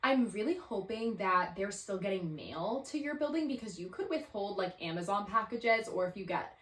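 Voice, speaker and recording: A woman's voice: mid-range voice, lively intonation, normal speed. Chatty opinionated woman, roomy sound. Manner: chatty, opinionated, filler-heavy. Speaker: podcast host. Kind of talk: casual advice podcast chat. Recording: roomy echo.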